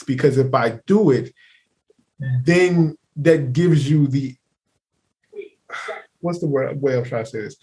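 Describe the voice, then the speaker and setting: A man co-hosting a podcast in casual chat, rambling with many fillers and speaking emphatically. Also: a little high. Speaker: podcast co-host.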